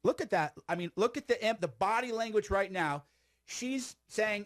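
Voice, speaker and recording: A man's voice: sits high, expressive, normal speed, fairly bright tone. A man giving casual, sarcastic commentary on a video clip, rambling and laughing often.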